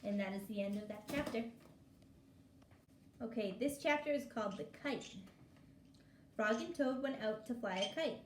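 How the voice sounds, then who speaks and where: Gentle woman reading a storybook aloud. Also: on the high side, animated, moderate pace, long pauses. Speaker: storybook reader for children. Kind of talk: reading a picture book aloud. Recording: echoey room with faint hiss.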